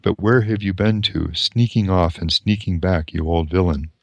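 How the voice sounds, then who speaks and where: A man voicing a blunt, loyal young male servant who speaks roughly. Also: low-pitched, moderate pace, darkish tone, no echo. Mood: suspicious.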